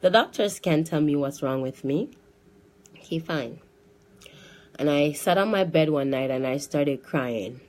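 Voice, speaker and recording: A woman giving a personal testimony in a lively storytelling way, often restarting her sentences and acting out what others said. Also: deep voice, normal speed, hardly any pauses.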